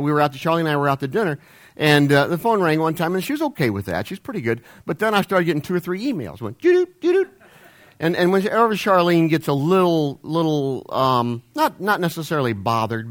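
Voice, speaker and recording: A pastor with a slightly high, somewhat bright voice delivers a humorous sermon in a church sanctuary. His preaching rambles, full of jokes and self-deprecating asides.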